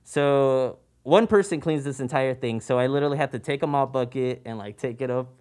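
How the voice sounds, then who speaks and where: A young man in a loose podcast conversation, spinning a story from his old job. He talks casually and keeps slipping into animated voices for the people in the tale, so the pitch jumps up whenever he quotes them. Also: a little fast. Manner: animated, acts out voices in anecdotes. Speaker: podcast guest, former theme park worker.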